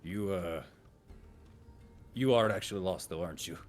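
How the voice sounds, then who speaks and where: A man voicing a skilled male hunter who speaks quietly and teases dryly in a tabletop game. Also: low-pitched, moderate pace, faint music behind, close to an everyday voice. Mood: quiet teasing. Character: Zoldar, skilled male village hunter, calm and dry.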